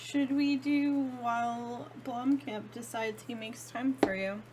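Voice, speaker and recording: A woman's voice: on the high side, fairly even intonation, takes it slowly, heavy background noise. A woman playing a tabletop roleplaying game, chatting and laughing easily with the group. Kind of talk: casual chat.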